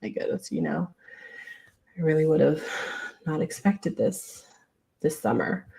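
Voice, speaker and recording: A woman's voice: sits low, lively intonation, a little slow, creaky, mellow, exaggerated voice. Woman voicing a flustered camp director lady. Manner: fretful, apologetic, rambling.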